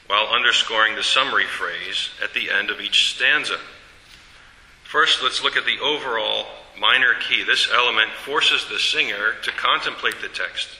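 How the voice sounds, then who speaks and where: A man teaching a class about a hymn tune, explaining in a measured way with fillers and self-corrections. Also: medium pitch, sharp tone, reverberant, long reverb tail, low-quality recording. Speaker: teacher presenting a hymn study.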